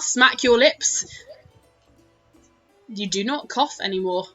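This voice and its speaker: A woman's voice: on the high side, bright, forceful tone, muffled recording. A British woman narrating a tabletop game as dungeon master, chatty and full of fillers. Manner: chatty, laughing, lots of fillers.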